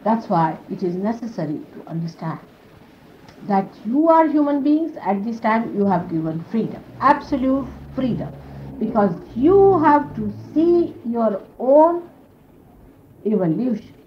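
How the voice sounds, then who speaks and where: Woman spiritual teacher with a lively, rising-and-falling voice, speaking conversationally to a gathering of followers. The 1970s archive tape sounds dull and lo-fi, with a faint steady hiss behind her. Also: on the high side, a little slow. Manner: conversational, explanatory, sprinkled with "you see". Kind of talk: informal spiritual talk to followers. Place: indoor gathering.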